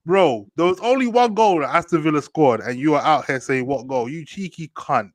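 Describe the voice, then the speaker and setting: A man's voice: fairly high pitch, brisk, no room sound. Young man host, slangy football banter, dry close sound. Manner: slangy, animated, repeats "do you get me". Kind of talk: casual football chat.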